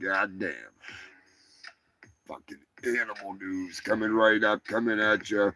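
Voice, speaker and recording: A man's voice: fairly low pitch, flat delivery, unhurried, sharp tone, dry recording. A man hosting a comedy news show, rambling through crude jokes and profane asides. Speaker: host. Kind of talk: casual comedy chat.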